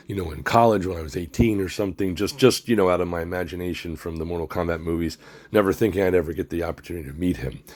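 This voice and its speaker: A man hosting his own channel, talking in a halting, grieving way with many fillers. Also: low-pitched, darkish tone. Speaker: comic artist and director, channel host. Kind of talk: personal tribute vlog.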